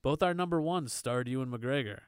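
A man's voice: mid-range voice, moderate pace, clear, resonant tone, dry recording, clean studio sound. A man co-hosting a podcast, talking loosely about movies with lots of fillers. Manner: relaxed, loose, filler-heavy. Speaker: podcast co-host. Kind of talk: casual movie chat.

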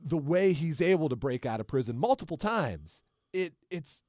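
A man's voice: fairly high pitch, sing-song, moderate pace, darkish tone, dry recording, clean studio sound. Chatty man co-hosting a film podcast. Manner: enthusiastic, rambling with restarts. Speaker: podcast co-host. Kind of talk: casual movie chat.

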